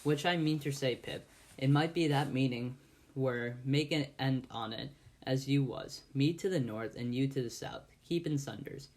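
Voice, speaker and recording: A man voicing a plain-spoken, kindly village blacksmith, slow and deliberate in an amateur audiobook reading. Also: mid-range voice, a little mellow, close to an everyday voice. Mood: earnest. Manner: ponderous, deliberate, rustic grammar.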